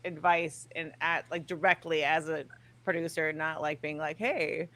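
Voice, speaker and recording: A woman's voice: low-pitched, little pitch movement, normal speed, sharp tone. A woman in her thirties chatting as an interview guest, rambling and leaning on fillers like "like". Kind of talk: casual interview chat.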